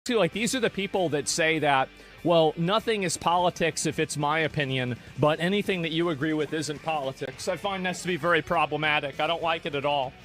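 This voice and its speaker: A man's voice: on the high side, brisk, a bit bright, soft background music. A man in a played stream clip, talking casually and dismissively, often stumbling over restarts.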